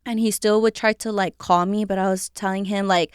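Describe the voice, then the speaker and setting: Candid woman with a very smooth voice. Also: medium pitch, fairly even intonation, brisk, few pauses, fairly bright tone, no room sound, clean studio sound. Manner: candid and emotional, heavy use of "like" fillers. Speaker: podcast guest sharing her faith testimony. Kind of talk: casual personal testimony.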